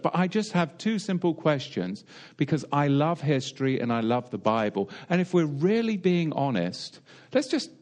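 A man's voice: on the high side, a little mellow. A British man preaching a sermon in a wry, digressive way, full of rhetorical questions and asides. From Britain.

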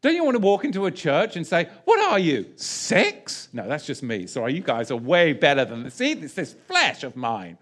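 Preaching passage by passage, a man keeps his congregation engaged by asking questions he doesn't expect answered. He's animated, his voice rising and falling widely, and he pauses to let key phrases land.

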